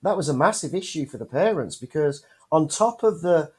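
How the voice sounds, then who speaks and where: A man's voice: a little high, brisk, slightly rough. A man co-hosting a casual chat show, telling stories and swearing constantly. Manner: swears constantly, animated storyteller. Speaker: podcast co-host.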